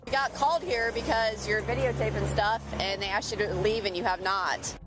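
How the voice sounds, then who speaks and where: A woman's voice: medium pitch, fairly quick, a bit bright, soft background music, low-quality recording. A woman police officer questioning someone outdoors in a direct, matter-of-fact way. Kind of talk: street encounter.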